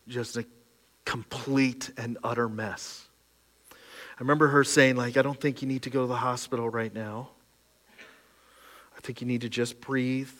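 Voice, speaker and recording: A man's voice: mid-range voice, sharp tone. A middle-aged man, a pastor, telling an emotional personal story in a sermon, candid and open. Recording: long hall reverb.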